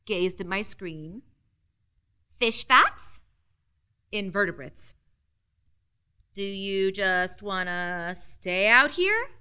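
A woman's voice: mid-range voice, sharp tone. Wry woman narrating a first-person story. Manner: wry, dry, matter-of-fact.

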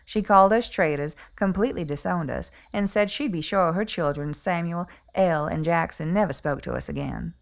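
A woman doing a snooty Atlanta belle, low and gravelly. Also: moderate pace, hardly any pauses. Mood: haughty. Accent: Southern US, Atlanta. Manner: prim, genteel and condescending. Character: snobbish wealthy Southern belle mother, middle-aged, haughty. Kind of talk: comic character monologue.

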